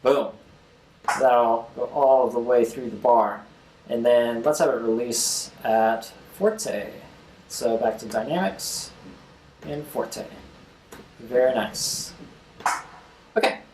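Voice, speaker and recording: A man's voice: mid-range voice, slow pace, pauses often, darkish tone, roomy sound, slight background noise, low-quality recording. A young man hosting a casual screen-recorded music tutorial, talking as he clicks and scatting drum rhythms aloud.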